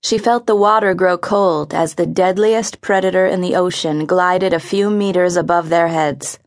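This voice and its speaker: A woman narrating a young-adult adventure audiobook, vivid and expressive in her reading. Her voice sits at an ordinary middle pitch. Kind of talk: scripted narration.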